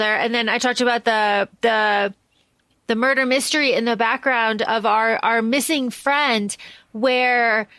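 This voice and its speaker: A woman talks through a novel with her co-host in a loose, chatty way, her voice sitting a little high. She restarts her sentences a lot and jumps into animated quotes. The sound is dry and close. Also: a little slow, no echo. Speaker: podcast co-host. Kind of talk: casual book discussion.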